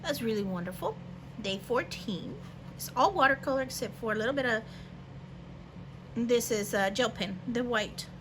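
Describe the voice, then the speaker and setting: Woman in her forties, bilingual, casual rambling hobby-art chat, somewhat high voice, hum behind. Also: lively intonation, normal speed, pauses often. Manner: rambling, hesitant, many fillers. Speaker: hobby artist. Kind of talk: casual show-and-tell.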